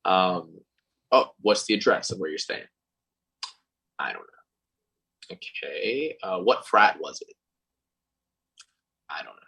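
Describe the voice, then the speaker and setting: A man's voice: low-pitched, measured pace, long pauses, husky, poor audio. A young man telling a story in casual chat, acting out other people's lines. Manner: animated, acts out quoted voices. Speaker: podcast guest and singer.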